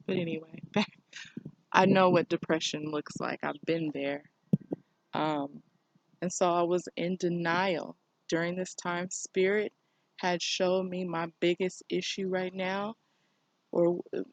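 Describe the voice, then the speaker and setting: Gravelly, flat-toned woman vlogging. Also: lowish voice, no room sound, poor audio. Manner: reflective, meandering, confessional. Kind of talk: candid personal vlog.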